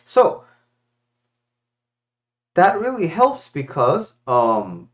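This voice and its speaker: A life coach speaks to the viewer in a casual, reflective talk to camera, his voice fairly high and his pace extremely slow. He is thoughtful and expressive, with many fillers and restarts, and the recording sounds muffled.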